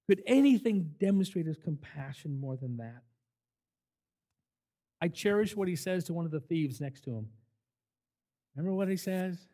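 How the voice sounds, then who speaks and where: An older man, a camp director, giving a sermon full of stories, emphatic and animated as he acts out what people said. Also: high voice, unhurried, vocal fry, long pauses. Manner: animated, emphatic storyteller who acts out quotes. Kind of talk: sermon with storytelling.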